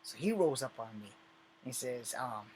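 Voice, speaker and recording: A man's voice: medium pitch, animated, measured pace, a little mellow. Man in his 40s, casual storytelling, profane, rambling, faint background hiss. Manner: profane, rambling, self-correcting.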